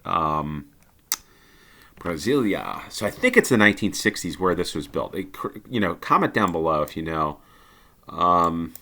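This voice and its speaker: A man's voice: low voice, lively intonation, measured pace, sharp tone. A man giving casual commentary on a geography game, thinking aloud and hesitating with many ums.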